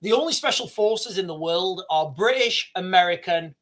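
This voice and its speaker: A man's voice: high voice, lively intonation, moderate pace, fairly bright tone. A man hosting a livestream, reading a news article aloud and commenting on it emphatically, often repeating himself and stumbling over words. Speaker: livestream host.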